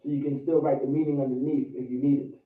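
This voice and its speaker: A man's voice: mid-range voice, little pitch movement, fast. Man drilling words on a tinny echoey line. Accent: American. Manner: drills words by repeating them over and over. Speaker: class teacher. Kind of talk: teaching vocabulary and pronunciation. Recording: tinny, echoey, distant call audio.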